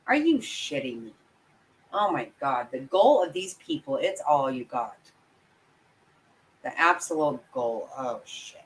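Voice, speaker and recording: A woman's voice: very deep voice, very animated, unhurried, long pauses, rough recording. Angry, swearing woman ranting to viewers. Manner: angry, profane, emphatic ranting; talks to viewers and apologizes for the outbursts. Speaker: true crime commentator. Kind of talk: livestream reaction commentary.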